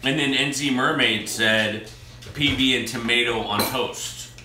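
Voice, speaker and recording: A man's voice: medium pitch, measured pace. An American man co-hosting a casual family live chat, joking and reading viewer comments aloud. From United States. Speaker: co-host of a family live stream. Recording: echoey room with faint noise.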